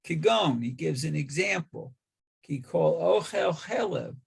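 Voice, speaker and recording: A man in his sixties reads and discusses a text with his teacher, halting and unhurried. His voice is very gravelly, rough and husky, and sits a little high for a man. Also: lively intonation. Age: 60s. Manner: slow, halting reading with frequent okays. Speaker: student.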